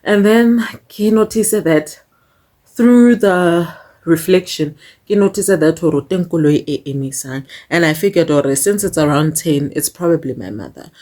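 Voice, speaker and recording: A woman's voice: low-pitched, expressive, a little slow, dark tone. Chatty woman vlogger. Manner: chatty, mixes in local-language phrases, laughs often. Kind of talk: casual chat.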